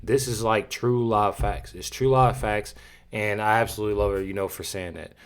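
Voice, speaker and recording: A man's voice: lowish voice, moderate pace, clean tone. Slangy man reacting to clips. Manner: animated, repetitive, slangy, laughs in disbelief. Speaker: reaction video host. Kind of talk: casual reaction commentary.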